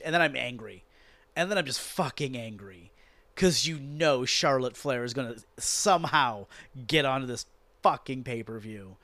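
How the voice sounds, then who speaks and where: Exasperated and sweary, a podcast host turns his recap of a wrestling show into an animated rant told like a story. His voice is mid-range, at a moderate pace. The recording is dry.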